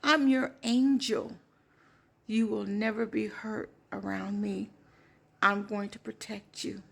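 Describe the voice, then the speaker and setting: A woman doing a hushed, gentle guardian angel. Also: mid-range voice, fairly even intonation, takes it slowly, creaky, breathy edge, full character voice. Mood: tender. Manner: soft, hushed, soothing.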